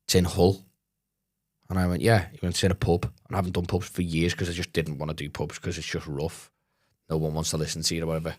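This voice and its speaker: A man's voice: low voice, fast. A man with a Liverpool accent telling stories as a guest comedian on a podcast, swearing freely and acting out other people's voices. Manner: animated, swears, acts out voices in anecdotes. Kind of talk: casual storytelling chat.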